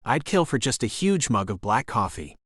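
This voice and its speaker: A man's voice: medium pitch, sing-song, moderate pace, fairly bright tone, husky, no echo, clean studio sound. Narrator reads a shy young woman on the run, polite and guarded.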